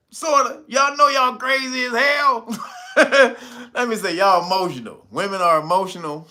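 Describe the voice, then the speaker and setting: A man with a high, bright voice that leaps up and down as he riffs. He hosts his own channel in a loose, comedic, profane style and keeps cutting himself off with laughs. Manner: animated, profane, laughs often between lines. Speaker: channel host. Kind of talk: casual comedic commentary. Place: California.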